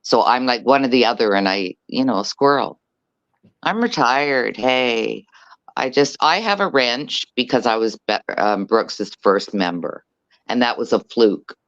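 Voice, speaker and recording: A woman's voice: extremely low pitch, lively intonation, measured pace, dull audio. A woman guest on a casual panel chat who moderates the chat, self-deprecating and blunt, laughing often.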